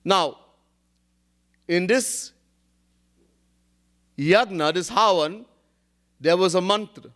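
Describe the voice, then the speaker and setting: A man's voice: high voice, takes it slowly, pauses often, fairly bright tone. A man, a spiritual teacher giving a devotional discourse, telling stories, chanting Sanskrit verses and often laughing.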